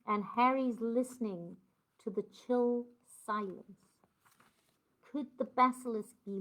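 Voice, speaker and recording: A woman reading a novel aloud to a book club, with expressive gasps and exclamations between passages. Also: on the high side, slow, pauses often, low-quality recording. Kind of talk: reading aloud and casual chat.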